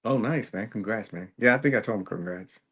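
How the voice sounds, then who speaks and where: A man who is a guest on a casual podcast, telling relaxed stories about when he was first starting out. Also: on the low side, fairly quick, husky. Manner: relaxed, reminiscing storyteller. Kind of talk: casual chat.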